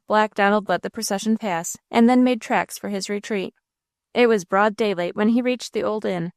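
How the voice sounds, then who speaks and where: A woman reading a classic novel aloud as an audiobook narrator, in a steady, expressive storytelling manner. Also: mid-range voice, clear, resonant tone, dry recording, clean studio sound.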